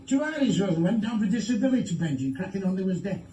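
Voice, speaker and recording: A man's voice: high-pitched, lively intonation, fast talker, noisy background. A man telling bawdy jokes, swearing freely and switching voices for the characters, recorded on a phone from a distance. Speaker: joke teller. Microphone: phone video. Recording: echoey room, phone from a distance.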